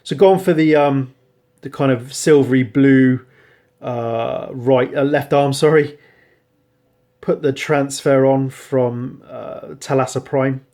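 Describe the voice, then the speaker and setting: Relaxed man rambling casually. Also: medium pitch, slow pace. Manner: relaxed, rambling, frequent ums and self-corrections. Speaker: hobbyist showing painted miniatures. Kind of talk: casual show-and-tell narration.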